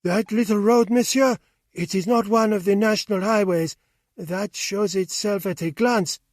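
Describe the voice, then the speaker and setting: A man's voice: high-pitched, normal speed, dry recording, clean studio sound, close to an everyday voice. A man reading an audiobook, voicing a helpful, chatty French male motorcyclist who explains the way in a friendly manner.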